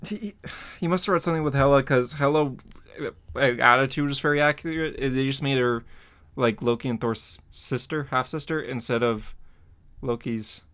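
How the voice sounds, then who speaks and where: A man's voice: mid-range voice, moderate pace, fairly bright tone, clean tone. A man hosting a casual podcast, rambling through news with lots of fillers and little laughs. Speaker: podcast host. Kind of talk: casual chat.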